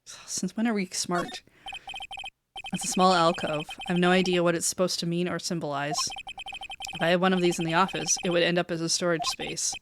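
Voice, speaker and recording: A woman's voice: lowish voice, little pitch movement, fast talker, noisy background. A woman streamer reading a game's dialogue aloud, dropping wry joking asides. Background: game music.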